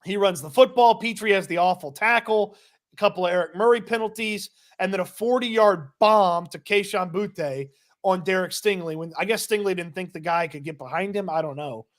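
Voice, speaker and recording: High-voiced man recapping football. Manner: rapid play-by-play recap, laughs often. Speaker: podcast co-host. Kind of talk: casual sports talk.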